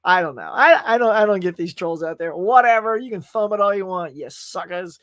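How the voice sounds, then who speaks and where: A man's voice: high-pitched, fairly quick, fairly bright tone, no echo, clean studio sound. A man hosting a casual pop culture podcast, talking emotionally and rambling with restarts as he gushes about a movie. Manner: gushing and emotional. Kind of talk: casual movie review chat.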